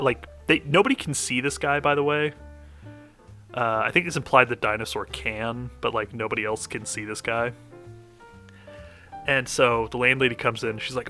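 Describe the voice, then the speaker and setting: A man's voice: medium pitch, fairly even intonation, fairly quick, bright, forceful tone, faint music behind. A young man chatting on a podcast, retelling an anime plot in a rambling way full of fillers and laughs. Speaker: podcast co-host. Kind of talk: casual chat recapping an anime.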